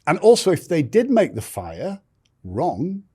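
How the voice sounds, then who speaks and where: A man's voice: fairly high pitch, wildly swooping pitch, a little slow, dark tone, husky. A middle-aged man, a podcast guest, telling stories in conversation and acting out other people's lines. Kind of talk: storytelling in conversation.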